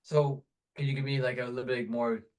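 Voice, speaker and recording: Man, mid-pitched voice, casual webinar host, relaxed, laughs a lot, video call. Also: brisk. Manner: relaxed, laughs often, uses fillers. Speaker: webinar host, product support. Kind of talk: casual live Q&A.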